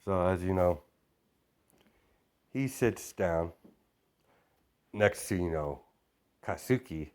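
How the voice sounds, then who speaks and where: A young man with a very low voice improvising a fan-fiction story, rambling along with constant "you know" fillers. It sounds like loose, off-the-cuff storytelling. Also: expressive, slow, pauses often, a little mellow.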